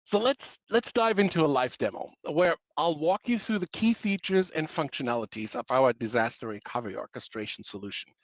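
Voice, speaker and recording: A man's voice: on the high side, lively intonation, a little fast, hardly any pauses, no room sound, lo-fi sound. A man presenting a webinar in a playful way, packed with pop-culture analogies and self-mocking asides.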